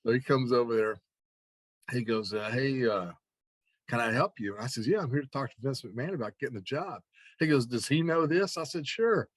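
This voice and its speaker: A man tells a story in a relaxed, chatty way, acting out each exchange in the voices of its speakers. His voice sits at an ordinary middle pitch. The recording is close and dry. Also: fairly quick, no room sound. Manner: animated anecdote telling with laughs and quoted dialogue. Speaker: interview guest. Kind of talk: casual storytelling.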